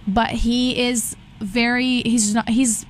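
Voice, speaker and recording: A woman's voice: a little high, level tone, slow, a little hiss or hum. Chatty young woman with many fillers. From Brazil. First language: Portuguese. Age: young adult. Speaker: guest. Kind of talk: casual chat.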